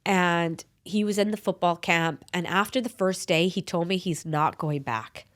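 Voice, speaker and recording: A woman's voice: lowish voice, normal speed. A woman in her thirties, a podcast host, telling a family story in a casual chat and acting out the voices of herself and her son.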